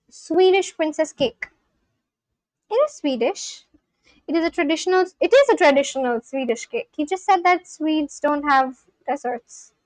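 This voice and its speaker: A high-pitched woman talks casually on a live stream. She thinks aloud and answers questions with restarts. The sound is dry and close. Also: no room sound. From India. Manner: thinks aloud, answers chat questions, repeats practice phrases with many restarts. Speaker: livestreamer learning a language.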